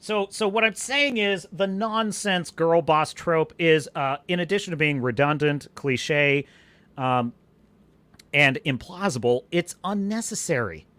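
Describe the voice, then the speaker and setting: A man hosting a live-stream podcast, delivering a scornful, animated rant with bursts of laughter and reading viewer comments aloud. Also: fairly high pitch, a little slow, no room sound. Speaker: podcast host.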